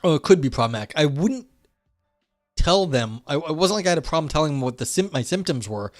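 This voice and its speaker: A man's voice: on the high side, expressive, fast talker, no room sound, studio quality, faint music behind. A man talking casually on a livestream, rambling and blunt, calling himself a curmudgeon while reading chat.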